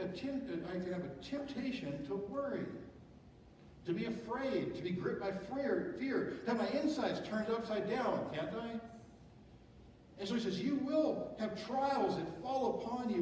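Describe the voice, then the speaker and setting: In a church sanctuary, a middle-aged male pastor preaches conversationally, posing rhetorical questions to the congregation. His voice sits high, with lively intonation, a moderate pace, and a slightly mellow tone, picked up from far off in an echoey hall with a little hiss or hum.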